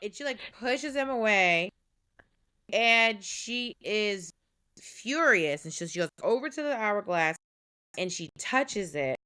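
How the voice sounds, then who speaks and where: A woman's voice: medium pitch, animated, takes it slowly, sharp tone, smooth. A woman co-hosting a podcast, casually recapping a drama episode and reacting to her co-host.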